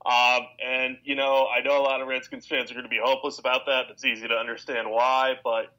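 A man with a mid-pitched, bright and forward voice co-hosts a casual sports podcast. He answers questions with measured, well-organized reasoning. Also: flat delivery, low-quality recording. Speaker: podcast co-host.

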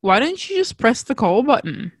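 A brisk, unsympathetic hospital nurse, patronizing and matter-of-fact, as a woman puts her on while telling a story. Her voice sits a little higher than the teller's own, and it is recorded dry and close. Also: sing-song, husky, no echo.

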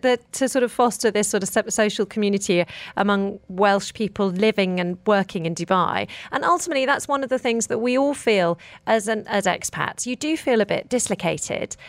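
A woman from Britain hosting a casual radio chat interview, playful and quick to laugh as she teases her guest. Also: on the high side, dry recording. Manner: playful, laughs often, teasing. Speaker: radio show host.

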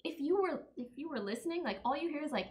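Animated young woman, lots of "like". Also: sits high, quick pace. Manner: animated and rambling, heavy on "like". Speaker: podcast host. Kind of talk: casual podcast chat.

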